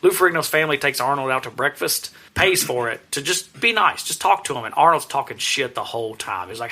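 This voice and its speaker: Guy cohosting a movie podcast, bright voice, swears a lot, animated stories. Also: fairly high pitch, fairly quick, hardly any pauses. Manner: profane, animated storytelling. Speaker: podcast co-host. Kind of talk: casual chat.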